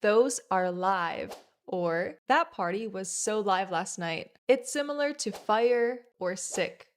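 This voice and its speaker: A woman narrating scripted explanations of English words, measured and clear, giving examples. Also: medium pitch, lively intonation.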